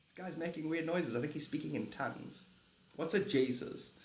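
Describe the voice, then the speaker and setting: A man with a slightly high voice talks in a loose, rambling way on a live stream. He laughs often and keeps breaking into little skits with put-on voices. The sound is roomy and echoey. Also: moderate pace. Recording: roomy echo.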